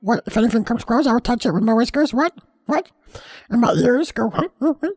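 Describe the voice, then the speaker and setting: A high-voiced, easily distracted house cat, played by a woman, talks through a comic monologue. She meanders, stops herself mid-thought and carries on with playful earnestness. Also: lively intonation, fairly quick, darkish tone, breathy edge. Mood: rambling.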